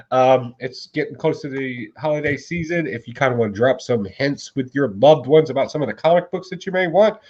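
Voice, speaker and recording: A man co-hosting a casual comics podcast, telling animated stories and acting out the quotes, laughing often. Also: medium pitch, lo-fi sound. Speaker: podcast co-host. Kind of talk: casual chat.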